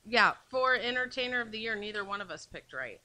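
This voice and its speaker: A woman co-hosting a relaxed radio chat, laid-back with a teasing edge. Her voice is bright and clear at a middle pitch. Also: brisk, poor audio. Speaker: radio co-host.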